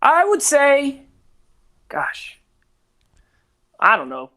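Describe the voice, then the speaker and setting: A man's voice: very high voice, wildly swooping pitch, drawn-out words, sharp tone. A man in his thirties co-hosting a podcast, rambling in casual chat with lots of "like". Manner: rambling, heavy use of "like". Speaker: podcast co-host.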